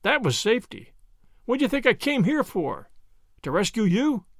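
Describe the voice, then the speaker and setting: A man's voice: high-pitched, sing-song, moderate pace, creaky, no room sound, studio quality, pitched above the performer's own voice, heavily acted. A man doing a blustering gray-haired American. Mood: indignant. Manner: blustering, defiant, explosive. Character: gruff angry older American man.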